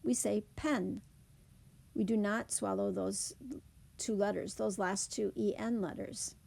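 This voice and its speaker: A woman teacher explaining speech sounds in a phonics lesson, saying example words slowly and clearly. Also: medium pitch, level tone, warm tone. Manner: clear, deliberate demonstration of words.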